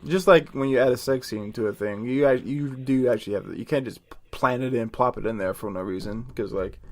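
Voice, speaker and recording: A man's voice: mid-range voice, fairly quick. A man co-hosting a casual comedy podcast, rambling crudely and laughing often. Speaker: podcast co-host.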